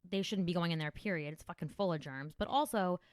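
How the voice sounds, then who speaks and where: A woman's voice: on the low side, fast talker, no room sound, clean studio sound. A woman from New Jersey hosting a comedy podcast, rambling and swearing freely in casual chat. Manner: profane, rambling, animated storytelling.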